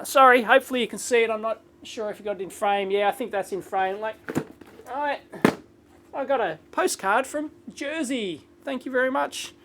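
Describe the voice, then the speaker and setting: A man in his thirties hosting a live electronics Q&A stream from a home workshop, casual and rambling, clearing his throat often. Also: very high voice, fairly bright tone, a little hiss or hum. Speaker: electronics video host.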